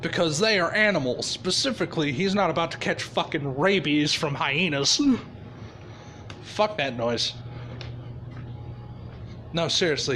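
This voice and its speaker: A man's voice: fairly high pitch, expressive, a little slow, pauses often, pushed and bright, slight background noise. A man casually improvising a fan-fiction story, swearing freely and chuckling.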